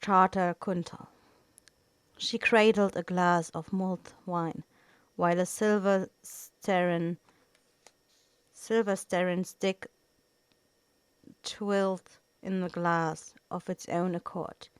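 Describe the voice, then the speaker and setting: Slow, low-voiced woman reading a novel. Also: fairly even intonation, smooth, no room sound. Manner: stumbling, restarts words. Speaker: reader.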